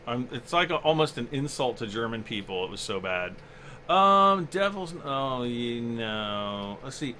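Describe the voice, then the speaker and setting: A man hosts a casual game livestream, talking viewers through his play in a loose, rambling way. His voice is bright and forceful, and his pitch swings widely as he chats. He keeps answering questions from chat as he goes. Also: sing-song, a little slow, a little hiss or hum.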